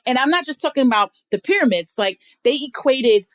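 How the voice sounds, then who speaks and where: Animated woman, dry close mic. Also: high-pitched, fairly quick, dry recording. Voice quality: animated, emphatic storyteller. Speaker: podcast guest. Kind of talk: casual podcast chat.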